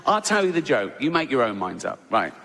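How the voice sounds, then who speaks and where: A man's voice: medium pitch, sing-song, a little fast, gravelly. A middle-aged Englishman doing stand-up comedy in a cheeky, rambling, self-interrupting way, in a large live venue. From England. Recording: loud live audience laughter.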